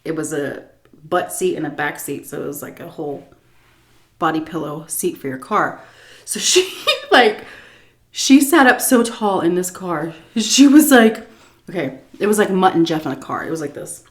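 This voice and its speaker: A woman telling a casual story-time tale as a food vlogger, animated and full of fillers, acting out scenes as she goes. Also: low-pitched, moderate pace. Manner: animated, lots of fillers and laughs, acts scenes out.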